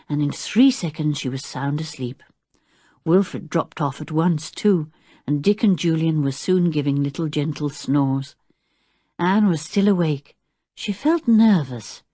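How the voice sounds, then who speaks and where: A woman narrating an audiobook with expressive storytelling. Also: low-pitched, measured pace, slightly rough, no echo, clean studio sound. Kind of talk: scripted narration.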